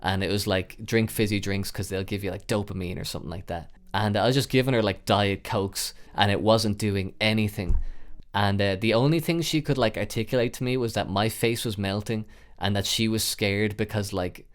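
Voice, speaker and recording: A young man in his twenties hosting a podcast, telling a wild personal story casually, rambling with lots of fillers and swearing, getting loud and animated at the tense parts. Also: lowish voice, normal speed. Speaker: podcast host.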